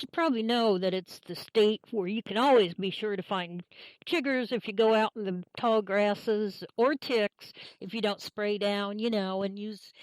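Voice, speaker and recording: A woman's voice: medium pitch, dry recording, poor audio. A woman from Kansas hosting a folksy talk radio show, chatting in a homey, meandering way with lots of fillers.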